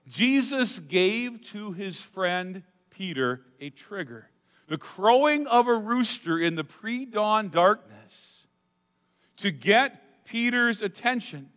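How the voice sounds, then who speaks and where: A man with a high voice delivers a sermon in a church, his reverb trailing through a large hall. He preaches dramatically, punching some lines loudly and dropping others to a near hush. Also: very animated, slow pace. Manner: dramatic, swings from loud emphasis to hushed asides. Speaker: pastor. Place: church sanctuary.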